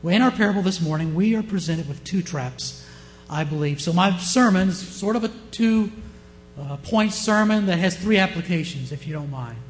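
A man with a Southern US accent preaching a sermon, often asking his listeners questions and shifting his pace and loudness. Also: sits high, animated, moderate pace, soft background music. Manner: asks the congregation questions, varies pace and loudness. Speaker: pastor.

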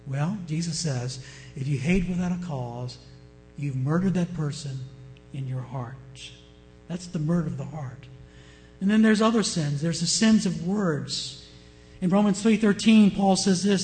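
A male pastor preaching a sermon with passion, swinging from loud declarations to hushed words. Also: high-pitched, expressive, a little slow, poor audio.

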